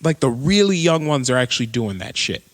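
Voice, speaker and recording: A man's voice: medium pitch, sing-song, brisk, a bit bright, in a large hall. A young man co-hosting a podcast in easygoing, chatty talk, telling anecdotes. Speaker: podcast co-host. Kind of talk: casual chat.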